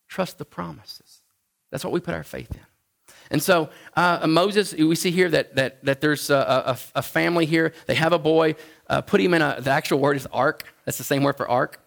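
Guy preaching a sermon, kinda gravelly, slightly higher voice, loose and chatty with lots of restarts. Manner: conversational, halting, with frequent restarts and chuckles; acts out the Bible figures in a higher voice. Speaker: pastor.

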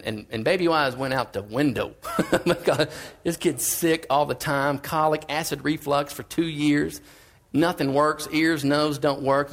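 A man preaching a sermon in a casual, conversational way, swinging between emphatic and quiet lines. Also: fairly high pitch.

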